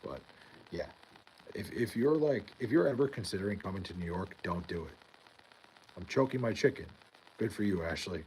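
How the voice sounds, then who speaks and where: A man's voice: sits low, lively intonation, moderate pace, long pauses, darkish tone, a little hiss or hum, rough recording. A young man hosting a livestream, rambling casually, swearing often and answering chat by name. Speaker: livestream host reading chat. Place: home in New York.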